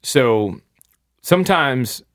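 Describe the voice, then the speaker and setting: A man's voice: mid-range voice, lively intonation, drawn-out words, a bit bright, no echo, clean studio sound. A young man who does sports play-by-play, chatting on a podcast in a rambling, self-deprecating way. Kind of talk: casual podcast chat.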